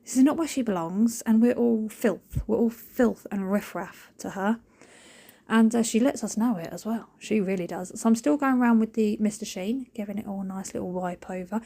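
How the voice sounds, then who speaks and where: A woman, talking over her cleaning footage in a loose, rambling voiceover. Her voice is husky and a little breathy, sitting at an average pitch for a woman. She piles up jokey asides and keeps the talk lively and animated. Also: normal speed. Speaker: cleaning vlogger. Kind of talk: chatty voiceover.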